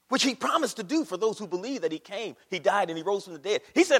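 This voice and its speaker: Impassioned high-voiced preacher in reverberant hall. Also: male voice, expressive, brisk, hardly any pauses. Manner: impassioned, swinging from soft hush to shouting. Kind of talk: sermon.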